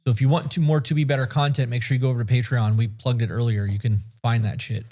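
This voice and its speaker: A man talks on a podcast in a loose, rambling way, blunt and swearing often. His voice is mellow and relaxed, at an ordinary pitch for a man. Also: fast. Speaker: podcast co-host. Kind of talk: casual podcast chat.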